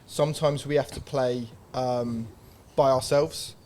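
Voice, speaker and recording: A man's voice: medium pitch, fairly even intonation, a little slow, a little mellow, a little hiss or hum. Man telling stories as a podcast guest. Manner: storytelling, hesitant with fillers. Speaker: guest musician. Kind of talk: casual podcast chat.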